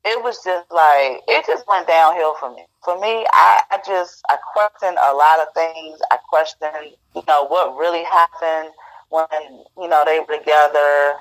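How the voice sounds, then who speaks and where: A woman's voice: sits low, unhurried, low-quality recording. A woman as a guest, casually telling a personal story and acting out what each person said. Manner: acts out quoted dialogue in lively retelling.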